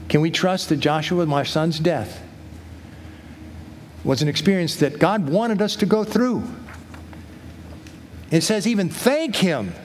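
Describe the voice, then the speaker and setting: A man's voice: on the high side, slow pace, pauses often, a little hiss or hum. A middle-aged man preaching a sermon as pastor, earnest, reading scripture aloud with rising emphasis. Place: church hall.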